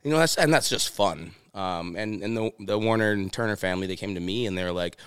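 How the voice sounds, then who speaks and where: A man with a very low, smooth and resonant voice talks as a podcast guest. He rambles through his stories, restarting phrases and filling gaps with "you know". The sound is close and dry. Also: fast, hardly any pauses, fairly bright tone, dry recording. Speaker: guest chef and TV host. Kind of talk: casual interview chat.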